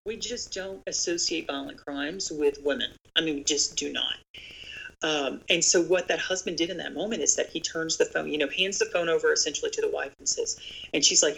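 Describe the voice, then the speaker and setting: Earnest storyteller with a gravelly voice. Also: medium pitch, fairly quick, fairly bright tone, rough recording. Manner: earnest, speaks directly to listeners. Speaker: podcast guest speaking on real estate agent safety. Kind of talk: conversational storytelling.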